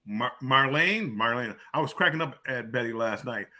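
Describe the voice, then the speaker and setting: A man's voice: mid-range voice, animated, moderate pace, pushed and bright. An older man co-hosting a casual live-stream chat, often stammering and restarting as he reasons things out. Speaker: co-host.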